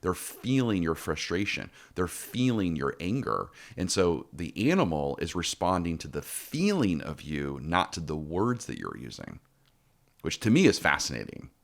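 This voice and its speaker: Deep-voiced man telling stories, full of restarts. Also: wildly swooping pitch, moderate pace, creaky. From Texas. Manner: storytelling with many restarts and repeated words. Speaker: podcast host. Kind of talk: casual podcast chat.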